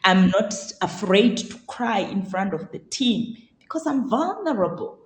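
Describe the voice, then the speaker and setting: A woman business coach answering an interviewer over a video call, halting and repeating words as she reflects. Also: mid-range voice, big pitch swings. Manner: halting, repeats words while gathering thoughts. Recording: roomy echo on a call.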